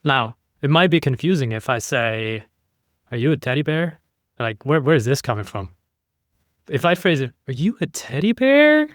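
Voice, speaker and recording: A man talking as a podcast guest in a relaxed, conversational way, acting out his points by shifting his voice up and down. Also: mid-range voice, normal speed, no echo, studio quality. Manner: animated, demonstrates inflection by playing with his voice. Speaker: podcast guest, keynote speaker.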